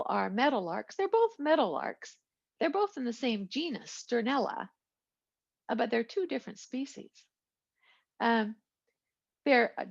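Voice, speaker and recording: Female instructor, chatty lecture delivery, husky voice, dull lo-fi recording. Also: fairly high pitch. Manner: chatty, digressive lecturing with asides and jokes. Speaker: biology instructor. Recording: lo-fi, muffled recording.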